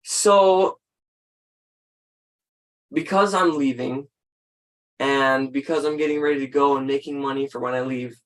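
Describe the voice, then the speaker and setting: A teenage young man from Canada, speaking on a video call in a hesitant, halting way with many fillers. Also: mid-range voice, steady tone. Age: teens. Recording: distant mic on a video call.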